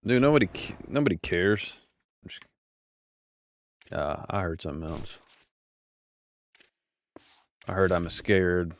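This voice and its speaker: A man's voice: low-pitched, lively intonation, takes it slowly, long pauses. A man in casual gaming chat with friends, teasing and trash-talking, stumbling over his words now and then. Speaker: gamer streaming with friends.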